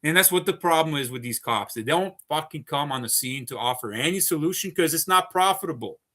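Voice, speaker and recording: High bright-voiced man ranting profanely. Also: lively intonation, fairly quick. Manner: profane, rambling, repeats himself, keeps addressing viewers as folks. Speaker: live streamer. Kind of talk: unscripted ranting monologue.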